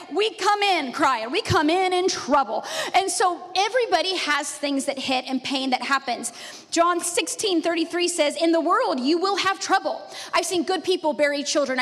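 Female pastor, 30s, bright high voice, animated storytelling sermon, church reverb. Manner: lively storyteller with frequent laughs. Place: church sanctuary. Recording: long reverb of a church hall.

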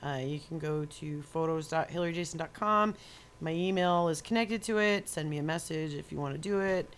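Woman from new york, low voice, wry and sarcastic, casual chat, faint noise. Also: a little fast. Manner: wry, sarcastic, laughing often. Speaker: guest photographer.

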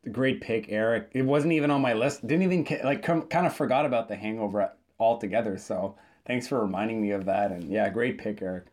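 A man in a casual podcast chat, talking in halting, self-correcting bursts. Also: lowish voice, a little mellow. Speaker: podcast co-host.

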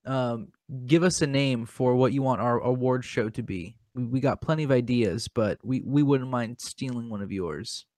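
A man's voice: medium pitch, normal speed, hardly any pauses, darkish tone, no room sound, clean studio sound. Stammering, mock-dramatic podcast host man. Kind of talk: comedic podcast banter.

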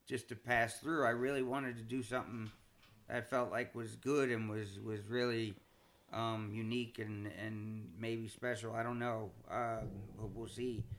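A comedian and show creator speaks in a bright, forceful voice of middling pitch, a little slowly, with slight background noise. Animated and casual as a podcast chat, he restarts sentences, repeats words and jumps higher in pitch when excited.

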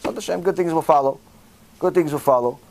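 A man's voice: a little high, a little fast, vocal fry, slight background noise. A man giving a sermon as a rabbi, preaching directly to his listeners and acting out little dialogues as he goes. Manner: animated storytelling, acting out dialogue in different voices.

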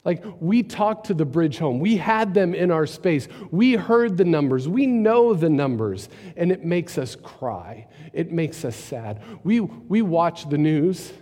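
A man preaching a sermon in a long-echoing hall, his voice dark and slightly husky. He tells the story at an unhurried pace and sinks at times to near whispers. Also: on the high side, lively intonation. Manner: storytelling with dramatic drops to quiet, near-whispered lines. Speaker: pastor. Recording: long reverb in a large hall.

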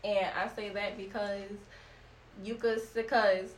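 A woman speaking as a guest in a casual group discussion, measured and hedging her opinions. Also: mid-range voice, little pitch movement, a little hiss or hum. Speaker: podcast guest. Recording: distant and echoey.

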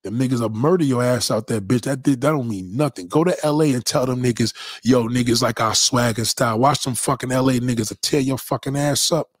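A man, ranting casually and loudly to his stream viewers, swaggering and laughing often. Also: mid-range voice, fast talker, hardly any pauses, no room sound. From New York. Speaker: live-stream host. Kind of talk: casual profane rant to viewers.

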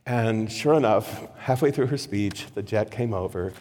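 A man interviewing a guest on stage, telling lively anecdotes with laughter. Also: lowish voice, normal speed. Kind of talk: storytelling conversation on stage. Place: event hall before an audience. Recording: reverberant hall, faint hum.

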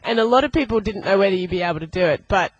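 A woman's voice: medium pitch, lively intonation, rapid-fire, breathy edge, highs cut off. A woman radio host in a casual interview, chatty and enthusiastic, laughing often.

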